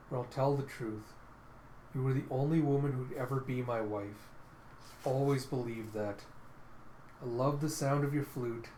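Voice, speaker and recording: A man's voice: mid-range voice, darkish tone, slight background noise, natural voice. A man voicing a humble young male archer who speaks in a subdued, earnest way. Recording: echoey room.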